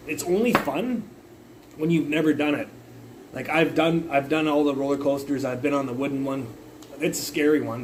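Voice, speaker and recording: A man's voice: a little high, a little hiss or hum, poor audio. A young man telling a rambling, profane story in a casual livestream from his phone. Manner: rambling, profane, animated retelling.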